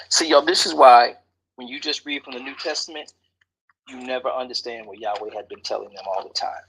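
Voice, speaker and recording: A man leading a Bible study class, animated and teasing his listeners, sometimes dropping to a whisper for emphasis. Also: medium pitch, normal speed, pauses often, breathy edge, low-quality recording. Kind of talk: lively Bible study teaching.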